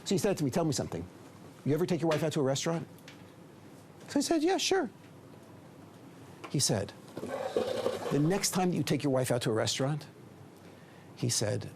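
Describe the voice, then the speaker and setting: A middle-aged rabbi from the United States giving a storytelling lecture, acting out dialogue and at times dropping to a whisper. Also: male voice, medium pitch, a little hiss or hum. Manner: lively storyteller who acts out dialogue and drops to a whisper.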